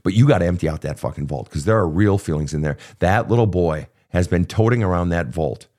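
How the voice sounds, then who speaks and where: Low and a little mellow, the voice moves fairly quickly with lively intonation. It's a fifties-aged male therapist host walking a guest through childhood pain in an emotional coaching session, bluntly, passionately and with swearing.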